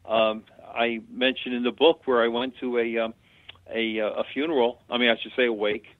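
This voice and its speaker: A man's voice: mid-range voice, flat delivery, normal speed, no room sound. A man who works as a medium, a guest telling chatty, plain-spoken anecdotes in an interview. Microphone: phone call. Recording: tinny dry phone line.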